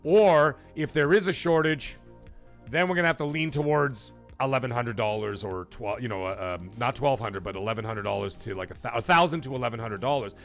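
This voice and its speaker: A man's voice: medium pitch, brisk, soft background music. A man hosting a casual live stream who jokes, swears loosely and reads viewer messages aloud. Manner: chatty, joking, loose and profane. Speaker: livestream host.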